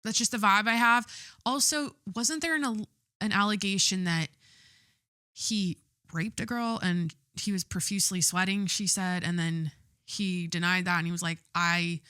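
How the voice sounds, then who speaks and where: A woman hosting a podcast, her voice sitting a little low for a woman. She reads news aloud and reacts bluntly and with swearing, tripping over words and correcting herself as she goes. The sound is dry and close to the mic. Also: sharp tone, no room sound. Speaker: podcast host. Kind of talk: casual chat reading and reacting to news.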